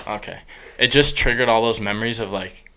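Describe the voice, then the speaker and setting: Young male podcast host; casual rambler, fairly low register. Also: fairly even intonation, brisk, sharp tone, slight background noise. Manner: rambling, heavy use of "like". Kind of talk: casual chat.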